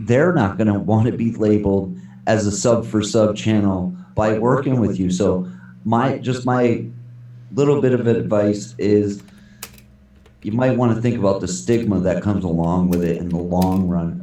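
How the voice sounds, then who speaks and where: Halting low-voiced man in an echoey room. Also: warm tone, recorded from a distance. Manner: halting, repeating words as he gives advice. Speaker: guest. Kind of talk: casual live stream chat.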